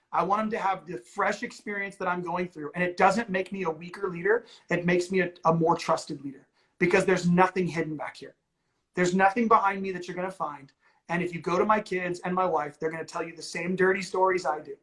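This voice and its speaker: A man's voice: sits high, steady tone, a little fast, a bit bright, rough recording. Earnest man in casual ministry talk. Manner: earnest, emphatic, with frequent "like" and "you know". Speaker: ministry leader. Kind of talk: candid conversational talk.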